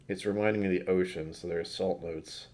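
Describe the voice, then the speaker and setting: A man's voice: sits low, steady tone, fast talker, a little mellow, slight background noise. Rambling tired man reviewing whisky. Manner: rambling, self-deprecating, swears casually. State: tired from poor sleep. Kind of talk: casual tasting notes to camera.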